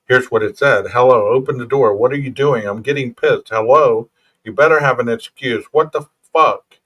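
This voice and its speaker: A man hosting a true crime podcast, his voice sitting in a middle register. He reads case documents in a steady, plain way, then drops into loose, casual asides to his audience. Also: medium pitch, moderate pace. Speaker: podcast host. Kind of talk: true crime podcast, reading reports aloud.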